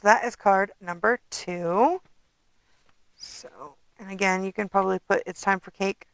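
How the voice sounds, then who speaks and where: A woman's voice: medium pitch, a little slow, no echo, rough recording. A middle-aged woman chatting casually through a craft tutorial, tired and rambling with many ums. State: tired, yawning. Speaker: papercraft demonstrator.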